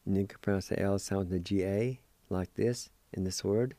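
A man hosting a language lesson, spelling words letter by letter and pronouncing them slowly and deliberately. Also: lowish voice, warm tone, dry recording. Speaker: host teaching Cherokee words.

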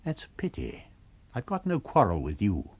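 A man's voice: lowish voice, wildly swooping pitch, moderate pace, husky, dry recording, exaggerated voice. A man reading an unseen invisible man who speaks in cold, firm threats. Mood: grim.

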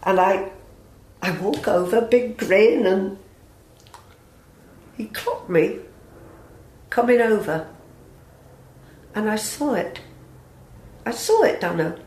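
A woman's voice: mid-range voice, animated, slow pace, long pauses, a little mellow. A woman acting a blunt, wounded working-class friend, speaking emotionally in slangy everyday talk. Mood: hurt. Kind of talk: audio drama acting. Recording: roomy echo.

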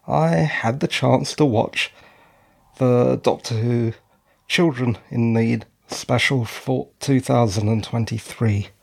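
The voice is medium in pitch, creaky, husky and darkish. It belongs to a middle-aged man running his own podcast, who sounds tired and out of breath as he rambles through casual solo talk with self-mocking asides on a handheld dynamic mic.

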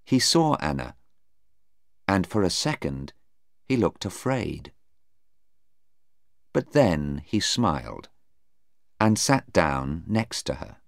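A man narrating a graded-reader story in a slow, clear and careful way. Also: sits low, very animated, dry recording, studio quality.

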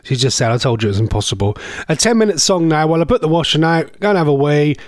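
Flustered Norfolk radio host, lively pitch. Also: male voice, no room sound, clean studio sound. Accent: Norfolk English. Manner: flustered, self-mocking, stumbling attempts at fast auctioneer chant. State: coming down with a cold. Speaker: radio presenter. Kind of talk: casual live radio chat.

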